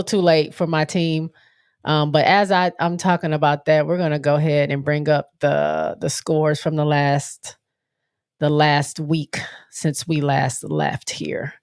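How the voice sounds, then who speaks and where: A woman's voice: low-pitched, clear, resonant tone, no echo, studio quality. A woman hosting a casual live-stream sports talk show, sounding stuffy and nasal from allergies, rambling with many fillers and restarts. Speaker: show host.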